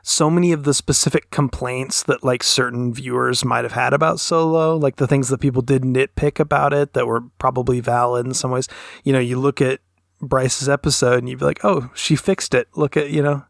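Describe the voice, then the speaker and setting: A man's voice: mid-range voice, steady tone, brisk, vocal fry, dry recording, clean studio sound. A man co-hosting a podcast, talking in a thoughtful, analytical way with long, winding sentences. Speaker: podcast co-host. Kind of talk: casual podcast discussion.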